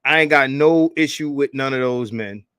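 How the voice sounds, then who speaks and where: A man hosting a casual livestream, hyped and profane, calling out shout-outs to viewers and begging for likes. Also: mid-range voice, moderate pace, smooth, no room sound, clean studio sound. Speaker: livestream host.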